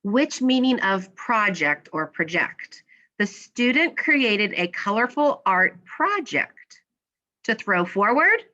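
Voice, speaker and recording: Bright-voiced woman teacher explaining word meanings. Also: a little high, very animated, slow, lo-fi sound. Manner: patient, asks questions and answers them herself. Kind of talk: classroom slideshow lesson. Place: classroom.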